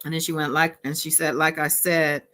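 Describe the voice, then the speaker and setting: A woman hosting a casual recap, reading out exchanges from her notes with frequent fillers and pauses. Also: low voice, flat delivery, sharp tone. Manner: reads out courtroom exchanges from notes, pausing with fillers. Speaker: host recapping a court trial.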